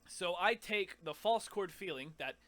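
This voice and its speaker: A man talks through his vocal techniques in a loose, rambling way, now and then pushing out short screams to show what he means. His voice sits a touch high and comes across bright and forward. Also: expressive, measured pace. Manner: rambling, demonstrates screams mid-sentence. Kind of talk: casual vocal tutorial.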